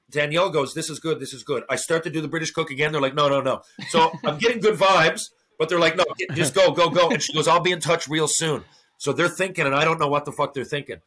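A man's voice: fairly high pitch, pushed and bright. A man, a former hockey player turned actor, telling stories in a casual podcast interview, acting out other people's lines and swearing freely.

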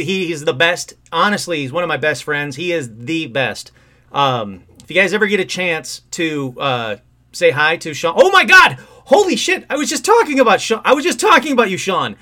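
Excitable man hosting a livestream. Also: fairly high pitch. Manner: excitable and rambling, with sudden outbursts. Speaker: host of a call-in livestream show. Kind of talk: casual live-stream chat. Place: at home.

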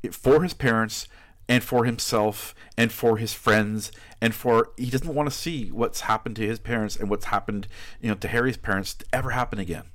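A man co-hosting a casual book discussion podcast, talking in a halting way with frequent restarts. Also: fairly low pitch, fairly bright tone, no room sound. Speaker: podcast co-host.

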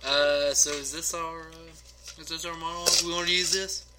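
A man's voice: a little high, flat delivery, moderate pace, bright, forceful tone. A young man hosting a casual podcast, joking and laughing often. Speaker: podcast host. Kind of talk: casual chat.

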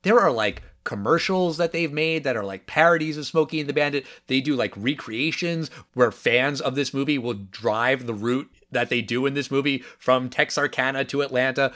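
A man co-hosting a casual movie review podcast, talking in an animated, incredulous way with quick asides. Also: medium pitch. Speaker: podcast co-host.

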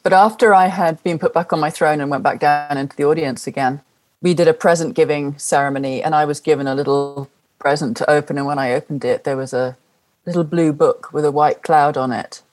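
A middle-aged woman, her voice sitting notably low. She speaks as an interview guest, recounting personal experience in an earnest, heartfelt way and returning to key phrases for emphasis. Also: steady tone, brisk, darkish tone. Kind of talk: personal storytelling in conversation.

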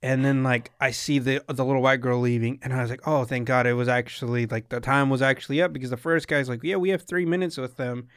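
A man's voice: mid-range voice, fairly even intonation, fast talker, hardly any pauses, a bit bright, clear, resonant tone, no echo, studio quality. A young man casually telling a long rambling story, swearing often and acting out what people said. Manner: rambling storyteller, swears a lot, acts out quotes. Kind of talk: casual chat.

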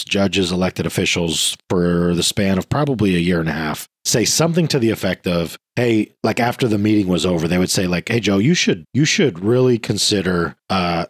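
Man, deep-ish voice, frank guest telling his story, dry close mic. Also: husky, no echo. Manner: frank and self-deprecating. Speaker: podcast guest, former police officer. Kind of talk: candid conversational answer.

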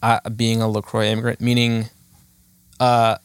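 A man's voice: lowish voice, completely flat delivery, moderate pace, clear, resonant tone, no echo. Man, 30s, podcast host, dry close sound, rambling, self-deprecating, casual chat. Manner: rambling, self-mocking, many fillers.

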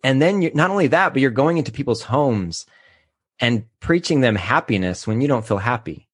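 A man in his thirties talking candidly and emotionally on a podcast, halting at times as he opens up. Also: mid-range voice, expressive, husky, no room sound, clean studio sound. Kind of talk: casual podcast chat.

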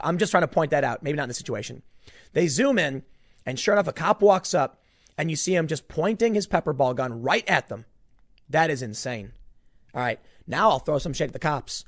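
A man's voice: fairly high pitch, animated, normal speed, fairly bright tone. A man hosting a commentary show, ranting in an emphatic, exasperated way and repeating words as he heats up.

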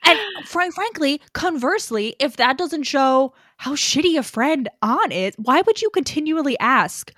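A woman's voice: high-pitched, lively intonation, a little slow, hardly any pauses, a bit bright, dry recording, studio quality. A woman co-hosting a podcast in casual chat, opinionated and swearing freely, going on tangents packed with "like". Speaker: podcast co-host. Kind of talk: casual book recap chat.

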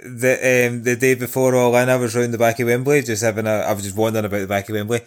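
A man's voice: mid-range voice, little pitch movement, fast talker, clean tone. A Scottish man co-hosting a podcast, telling sweary stories between bursts of laughter. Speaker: podcast co-host. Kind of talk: casual chat.

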